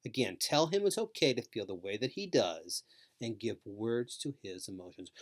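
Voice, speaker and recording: A man giving a scripted training lecture to caregivers, speaking slowly with calm, repetitive emphasis. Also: lowish voice. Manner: slow, repetitive, soothing emphasis.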